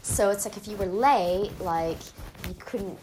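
A woman's voice: mid-range voice, measured pace, darkish tone, a little hiss or hum. A woman in casual chat, talking freely and often laughing as she acts out things her younger self would say.

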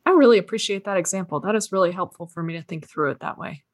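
A woman's voice: on the low side, quick pace. A woman co-hosting a faith podcast, speaking candidly and thoughtfully about her doubts. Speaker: podcast co-host.

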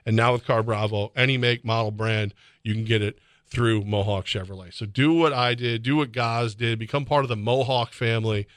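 An excitable sports radio host, a man who rambles and laughs his way through casual banter. His voice is bright and forceful, recorded dry and close in a studio. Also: medium pitch, normal speed, smooth, dry recording. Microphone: studio microphone.

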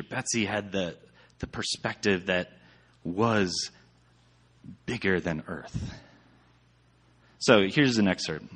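A man's voice: on the low side, a bit bright, husky. Chatty, rambling man preaching. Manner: chatty, rambling, with many fillers. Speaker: church speaker. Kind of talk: casual sermon with slides.

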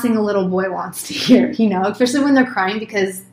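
A woman's voice: mid-range voice, fast talker, a little hiss or hum. Candid chatty woman, echoey room. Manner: candid, lively, swears casually, acts out her own words. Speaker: podcast co-host, mother. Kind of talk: casual conversation.

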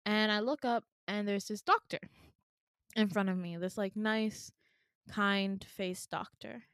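A woman's voice: medium pitch, unhurried, fairly bright tone, clear, resonant tone, no echo, clean studio sound. A young woman co-hosting a podcast, casually telling a dream in a rambling way, full of fillers. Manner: rambling with many fillers and laughs. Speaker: podcast co-host.

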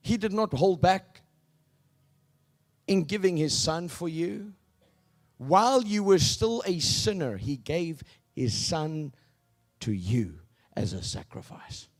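Animated male pastor preaching. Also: fairly high pitch, slow pace, long pauses. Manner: preaching with swings from loud declarations to hushed asides; leads the congregation in call-and-response. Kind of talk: sermon.

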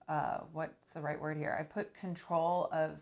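A woman's voice: sits low, little pitch movement, a little slow. A woman who counsels couples, talking reflectively with her partner and thinking aloud. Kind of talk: casual couple's conversation.

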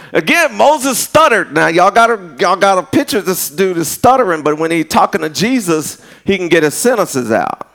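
Folksy preaching man, higher-pitched. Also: big pitch swings, normal speed, a bit bright. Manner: conversational preaching with folksy asides and laughs. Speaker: pastor. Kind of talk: sermon.

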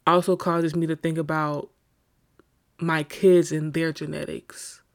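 Candid woman podcaster, laughing through it. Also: sits low. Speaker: podcast host. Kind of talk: personal confessional monologue.

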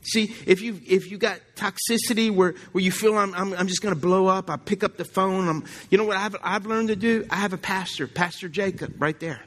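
High-voiced preacher. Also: male voice, fairly quick, hardly any pauses, a bit bright. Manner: conversational, asks the congregation questions. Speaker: pastor. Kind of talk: sermon. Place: church.

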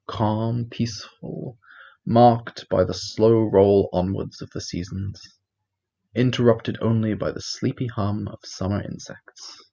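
A man's voice: lowish voice, vocal fry, warm tone, muffled recording, full character voice. A man voicing an old male wizard narrator in a put-on Welsh accent, with a lingering, sing-song storybook delivery.

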